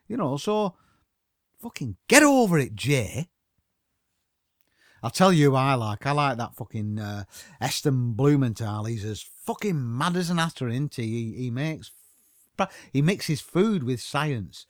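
A man's voice: fairly high pitch, no room sound, clean studio sound. A man, delivering a mocking comic rant full of swearing. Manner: swearing constantly, mocking, rambling.

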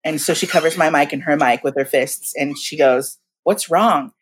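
A woman in her forties tells her stories as an interview guest, with a voice that sits a little low. She talks in a lively, slangy way and acts out what people said to her. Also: normal speed, breathy edge. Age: 40s. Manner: animated, slangy, acts out quotes. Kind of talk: storytelling in a casual interview.

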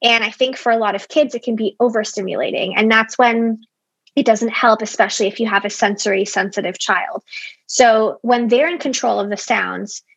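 A young woman speaks as a company founder in a relaxed interview, candid and chatty, dropping "like" all through. Her fairly high voice carries a gravelly fry. The sound is close and dry. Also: moderate pace, no room sound, rough recording. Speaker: app company founder as guest. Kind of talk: casual interview conversation.

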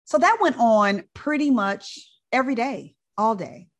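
A woman's voice: a little high, expressive, unhurried. A woman, a physician, telling a personal story in a conversational way, often repeating words and using fillers.

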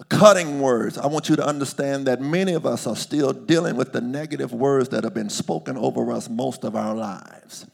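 Male preacher, gravelly, mid-pitched, call-and-response sermon, hushed to shouting. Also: moderate pace, hardly any pauses.

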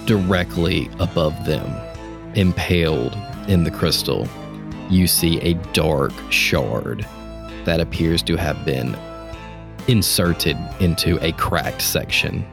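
A man narrating as game master for a tabletop game, describing scenes in an unhurried way with frequent pauses. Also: low voice, gravelly, music in the background.

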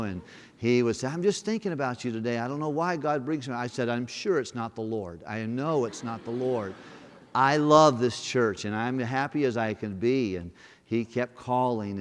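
Man preaching in an echoing church. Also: mid-range voice. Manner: folksy storytelling, acts out dialogue in lively quoted voices. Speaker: guest pastor. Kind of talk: storytelling sermon. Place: church service. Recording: long reverb of a church hall.

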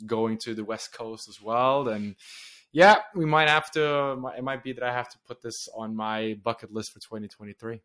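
A man's voice: medium pitch, moderate pace, fairly bright tone. A man in his twenties, a podcast guest chatting casually and agreeably. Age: 20s.

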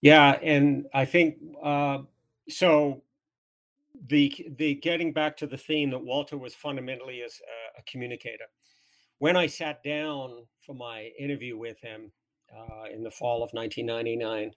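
A man's voice: mid-range voice, fairly even intonation, normal speed. A man from England with a southern English accent, a guest telling stories in a podcast interview, full of restarts and fillers. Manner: rambling, many restarts and fillers. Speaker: interview guest, former trade magazine editor.

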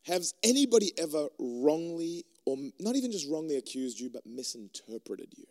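A man delivers a sermon in a conversational, joking manner, acting out little exchanges as he goes. His voice sits high for a man. It rings with the long reverb of a large hall. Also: very animated, moderate pace, a little mellow. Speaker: preacher. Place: room with an audience.

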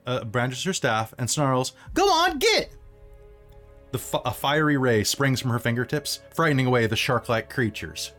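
A man hosting a podcast and narrating as game master in a relaxed, chatty way. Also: medium pitch. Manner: relaxed, chatty, stumbles over words.

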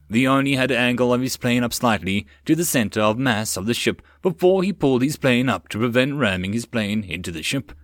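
A man's voice: mid-range voice, no room sound. Man narrating a web novel audiobook. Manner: steady, plain reading with occasional stumbles. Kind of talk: reading a web novel aloud.

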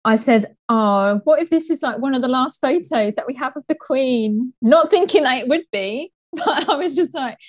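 A woman's voice: sits high, expressive, normal speed, few pauses. A woman co-hosting a casual chat podcast, emotional and laughing often as she talks. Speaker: podcast co-host.

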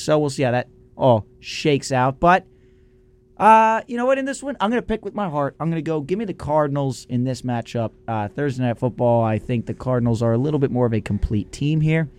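A man co-hosting a casual sports podcast, animated and joking as he previews games. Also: medium pitch, smooth. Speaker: podcast co-host.

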